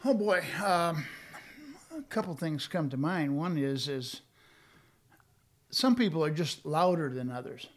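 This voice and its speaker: A man's voice: on the high side, lively intonation, unhurried, pauses often. An older man speaking reflectively in a conversational discussion, with frequent fillers and restarts. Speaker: guest speaking on leadership.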